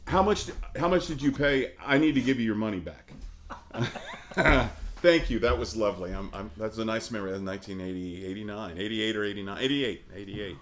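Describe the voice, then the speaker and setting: A middle-aged man, an opera singer, telling stories in a casual interview, animated and laughing often. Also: lowish voice, a little fast, slight background noise.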